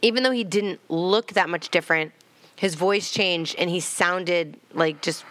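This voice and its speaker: A woman's voice: lowish voice, a little slow, a bit bright, no echo. Casual woman podcaster in a dry, close recording. She chats loosely about a show, swears freely and slips into quoted voices as she retells scenes. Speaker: podcast co-host. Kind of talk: casual rewatch chat.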